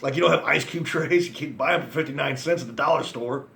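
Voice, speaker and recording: A man's voice: mid-range voice, quick pace, vocal fry, bright, forceful tone. Middle-aged man, casual rant vlogger, loose and profane, rambles and laughs.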